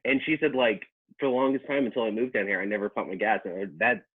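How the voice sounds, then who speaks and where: A man's voice: lowish voice, animated, quick pace, slightly rough, narrow, tinny audio. A man who works as a professional cook, a podcast guest chatting casually and hesitantly, often restarting his sentences. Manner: hesitant, full of restarts, laughs easily. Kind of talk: casual chat.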